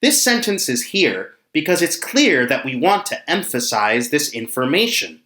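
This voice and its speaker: Slow, lively-voiced English teacher in an echoey room. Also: mid-range voice. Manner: speaks slowly and pointedly, acting out example sentences. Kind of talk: slow, expressive classroom explanation.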